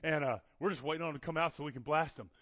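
A man with a voice on the high side speaks very fast as a guest preacher, animatedly telling stories and often checking in with "okay? all right?". Dull lo-fi audio, dry with no echo.

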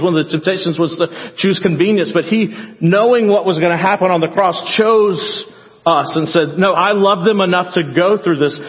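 Man, pastor, sermon, higher voice, swells to passionate loud peaks, long church reverb, muffled sound. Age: adult parent. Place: church sanctuary.

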